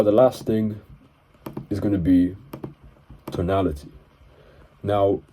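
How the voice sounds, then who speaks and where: A man's voice: on the low side, mellow, husky. A young man hosting his own channel, giving casual sales coaching to camera in a rambling, earnest way that often corrects itself. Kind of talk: casual talking-to-camera advice. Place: indoors in front of a camera.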